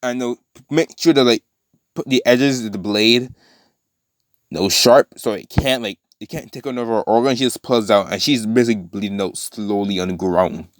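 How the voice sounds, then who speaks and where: A man's voice: lowish voice, normal speed, no echo, studio quality. A man casually retelling a fan story, rambling with many fillers and restarts.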